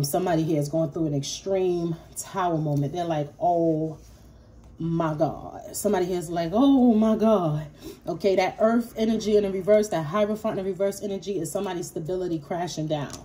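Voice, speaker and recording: A woman's voice: lowish voice, mellow. Profane, emphatic woman tarot reader. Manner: blunt, profane, emphatic and repetitive. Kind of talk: casual tarot reading.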